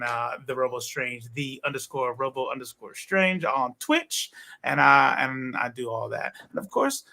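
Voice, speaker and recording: A man's voice: mid-range voice, gravelly, bright, forceful tone. A man hosting a casual online comics chat in a loose, joking way. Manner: laid-back, joking. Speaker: podcast host.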